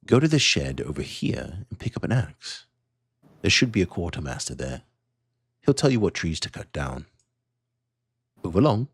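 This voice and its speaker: A man voicing a brisk male overseer who gives curt orders. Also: low-pitched, very animated, slightly rough, no echo, heavily acted. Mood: commanding. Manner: curt commanding instructions. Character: brisk bossy male overseer handing out tasks.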